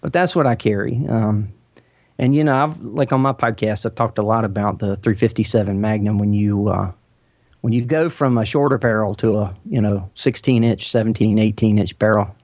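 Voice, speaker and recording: A man's voice: fairly low pitch, moderate pace, darkish tone, dry recording. Southern man in his forties, casual interview chat, meandering talk full of ums and uhs, dry close sound. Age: 40s. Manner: rambling, hesitant, many fillers. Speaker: podcast guest.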